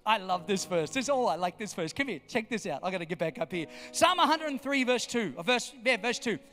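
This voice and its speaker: A man's voice: sits high, expressive, quick pace, fairly bright tone. A man preaching a sermon, emphatic and repetitive, firing questions at his congregation. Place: church hall. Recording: long hall reverb, faint music.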